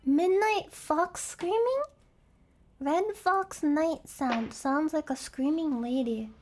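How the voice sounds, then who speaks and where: A woman's voice: high voice, takes it slowly. A young woman streamer chatting casually as she reacts to videos, giggling and playfully imitating animal screams. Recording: noisy stream audio.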